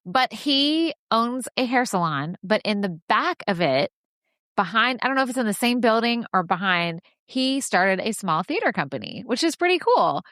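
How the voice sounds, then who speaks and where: A woman hosting a podcast, telling stories in an animated casual chat and laughing often. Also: a little high, moderate pace, no room sound, studio quality. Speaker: podcast host.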